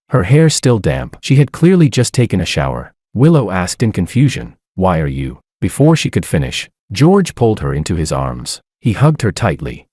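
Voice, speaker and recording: A man's voice: sits low, dark tone, husky, no room sound, studio quality. A man reading a romance story aloud, voicing every character's lines in his own voice. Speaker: narrator. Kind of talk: scripted romance narration.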